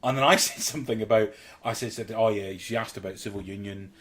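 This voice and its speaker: A man's voice: on the low side, fast, fairly bright tone. A man telling stories in a casual chat, laughing often and restarting his sentences. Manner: storytelling, laughs often, self-interrupting. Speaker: guest.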